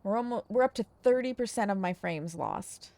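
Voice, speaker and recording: A woman's voice: mid-range voice, lively intonation, normal speed, warm tone, no echo. A woman streamer talking casually to her viewers, frustrated and venting, with some swearing.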